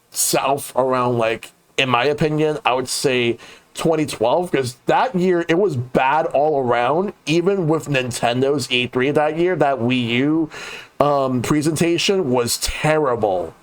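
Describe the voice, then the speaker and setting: A man's voice: medium pitch, smooth. A man on a gaming podcast, talking casually and bluntly, swearing freely. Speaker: podcast panelist. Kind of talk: casual chat.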